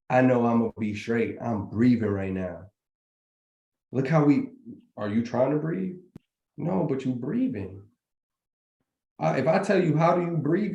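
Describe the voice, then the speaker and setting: A man's voice: mid-range voice, warm tone, lo-fi sound. A man hosting a live community chat, talking in a preachy, motivational, slangy way. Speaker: trading community host. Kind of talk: casual live group chat. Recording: roomy echo.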